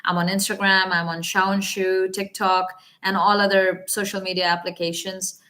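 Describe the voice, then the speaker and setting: A woman's voice: medium pitch, normal speed. A woman coaching business English in a live online lesson, talking animatedly and checking in often with her viewers. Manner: animated teaching with repeated check-ins. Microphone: webcam or phone mic on a live stream.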